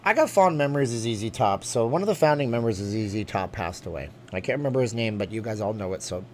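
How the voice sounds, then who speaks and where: A man from Canada chats his way through a live stream, answering viewers as he goes. His delivery is loose and rambling, hopping from one thought to the next, and his pitch rises and falls freely. A faint ambient hum sits behind him. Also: fast talker. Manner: chatty and animated, jumping between topics.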